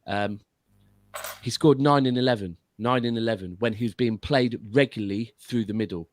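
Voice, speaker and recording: A man's voice: medium pitch, moderate pace, slight background noise. A man as a guest pundit giving casual football analysis, explaining at length with frequent restarts. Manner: explanatory, long runs of reasoning with restarts.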